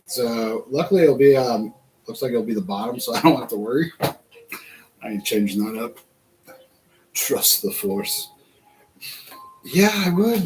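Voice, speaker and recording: A man's voice: mid-range voice, a little hiss or hum, rough recording. A man hosting a casual build-along vlog, chatting to himself and laughing through his stories. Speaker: vlog host building a model kit.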